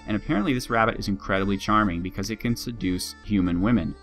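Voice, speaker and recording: Chatty low-voiced man over faint guitar. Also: fast talker, a bit bright. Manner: chatty, laughs at his own jokes. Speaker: game video host. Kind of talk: casual let's-play commentary. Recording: faint guitar music behind.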